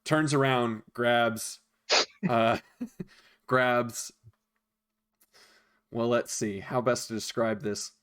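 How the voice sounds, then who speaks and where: A man running a tabletop game as game master narrates in a chatty, rambling way. He fills gaps with ums and searches for words, in a middle-pitched voice. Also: steady tone, slow pace, pauses often, a bit bright, smooth. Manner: rambling, chatty, full of fillers.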